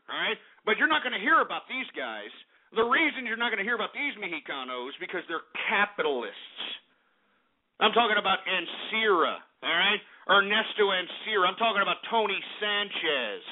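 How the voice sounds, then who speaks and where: High-pitched guy ranting on call-in radio, swears a lot, sounds thin like over a phone line. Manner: combative, profane, ranting. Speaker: talk radio host. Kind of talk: call-in talk radio rant. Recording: tinny phone-like radio audio.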